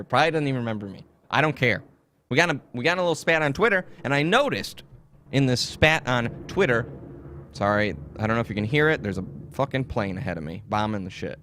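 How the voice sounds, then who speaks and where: A man's voice: medium pitch, fairly bright tone. A man hosting a podcast on his own, talking in a profane, sarcastic, rambling way. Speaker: podcast host. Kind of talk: casual solo podcast monologue.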